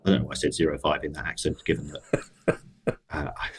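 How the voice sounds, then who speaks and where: Deep-voiced man talking football finance. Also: little pitch movement, brisk, vocal fry, breathy edge, rough recording. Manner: dry, wry asides, frequent restarts. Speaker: co-host, football finance expert. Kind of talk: casual podcast discussion.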